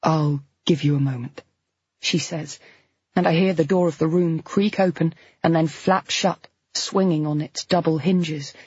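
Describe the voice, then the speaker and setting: Breathy woman reading a novel aloud. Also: lowish voice, no echo. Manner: expressive, emotional reading. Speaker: audiobook narrator. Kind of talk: first-person novel narration. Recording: slightly dull, dry studio recording.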